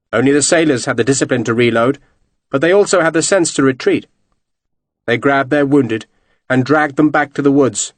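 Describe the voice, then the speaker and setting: A man narrating an audiobook in an expressive, dramatic reading style. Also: on the high side, no echo.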